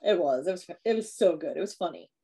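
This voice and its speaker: A chatty woman co-hosting a podcast, retelling a film scene by scene and slipping into the characters' lines. Her voice sits a little low and has a dark, mellow tone. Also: animated, quick pace, slightly rough. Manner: chatty, acts out characters' lines with lots of fillers. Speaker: podcast co-host. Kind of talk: casual chat, retelling a horror film plot.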